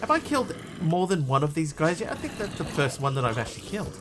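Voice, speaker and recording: A man from New Zealand with a New Zealand accent tinged with Australian, chatting casually while he streams a game and reads chat aloud, in a halting, rambling way. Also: a little high, big pitch swings, background noise. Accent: New Zealand, with some Australian.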